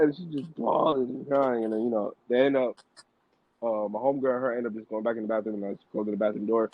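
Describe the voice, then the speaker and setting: A man's voice: medium pitch, fast, no room sound. A man hosting a podcast, telling a casual story with loose slang, lots of restarts and fillers. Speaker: podcast host. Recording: dry tinny phone-like audio.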